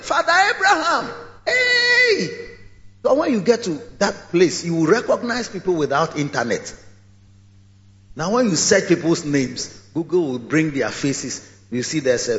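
Animated male preacher in an echoey hall. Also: on the high side. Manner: lively storytelling, acting out scenes. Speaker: pastor. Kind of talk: sermon. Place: large church hall. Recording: echoey hall, dull lo-fi sound.

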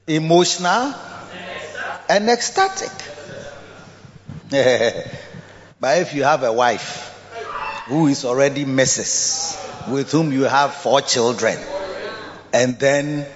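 Preaching a sermon in a medium-pitched voice, a man speaks in an animated, repetitive style, laughing often and coaxing listeners to repeat his words. The sound is dull and lo-fi, in a reverberant hall with faint music.

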